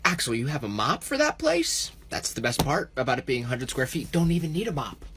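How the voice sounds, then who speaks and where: A man's voice: medium pitch, sing-song, a little fast, background noise. A young man in his twenties vlogging casually to camera from a tiny apartment, upbeat and self-mocking. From United States. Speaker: TikTok vlogger. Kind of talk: casual vlog narration to camera. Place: tiny New York City apartment.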